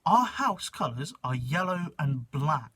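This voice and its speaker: A man's voice: on the high side, very animated, a little slow, a bit bright, slightly rough, no echo, heavily acted. A man putting on a posh English school prefect. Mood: formal. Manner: reads aloud in a mock-formal English voice.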